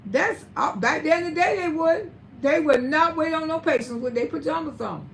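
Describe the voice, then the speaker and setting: Live-stream host: older woman, high voice, blunt and profane, faint background hiss. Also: lively intonation, moderate pace, gravelly. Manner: blunt, scolding, swears freely. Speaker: livestream host.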